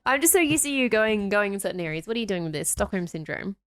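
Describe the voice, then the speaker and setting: A woman co-hosting a podcast in casual chat, giggly and playful, with quick reactions and interjections. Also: medium pitch, animated, clear, resonant tone, no echo, studio quality. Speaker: podcast co-host.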